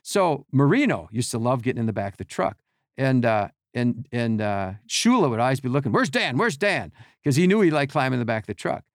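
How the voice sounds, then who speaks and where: A middle-aged man, a podcast guest, telling animated behind-the-scenes stories and acting out quotes and sounds. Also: medium pitch, fast talker, dry recording, clean studio sound. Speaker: podcast guest, team equipment worker. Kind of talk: casual storytelling.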